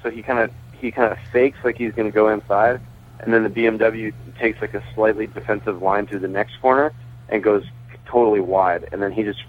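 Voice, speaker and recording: A man's voice: on the low side, steady tone, fairly quick. A man called in as a guest on a radio talk show, telling stories in a chatty, rambling way and laughing as he goes. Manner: chatty, self-correcting, laughs while talking. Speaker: guest, pitcher and race team owner. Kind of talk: phone interview, casual storytelling. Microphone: phone. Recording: tinny phone line.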